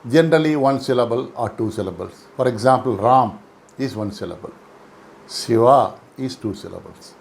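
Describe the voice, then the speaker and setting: A man giving a calm, measured meditation lesson, repeating his key phrases as he explains. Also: mid-range voice, gravelly, slight background noise. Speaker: meditation teacher. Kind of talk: instructional lecture.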